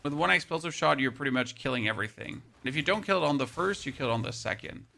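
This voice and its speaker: Man, German accent, slightly high voice, gravelly, casual gameplay commentary. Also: animated, fast talker, pushed and bright. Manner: chatty, self-mocking. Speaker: streamer.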